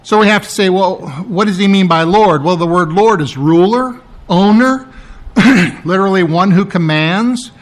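A man preaching an expository Bible lesson, stressing key words by repeating them and clearing his throat often, with casual asides and fillers. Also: high-pitched, normal speed. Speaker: pastor.

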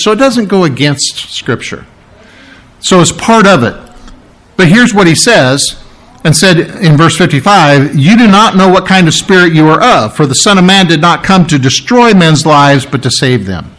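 A man's voice: on the high side, fairly bright tone. A man preaching a verse-by-verse Bible sermon, talking it through conversationally, with emphatic repetition and "all right?" checks. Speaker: pastor.

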